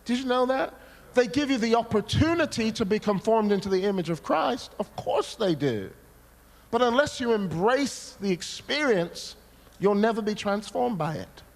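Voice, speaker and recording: A man preaching a sermon, telling a personal story with dramatic, animated delivery. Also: high voice, normal speed.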